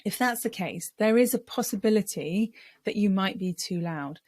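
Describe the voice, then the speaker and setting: A middle-aged woman voice coach giving a lesson on speaking, explaining clearly and measuredly. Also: mid-range voice, expressive, normal speed, a little mellow, no room sound.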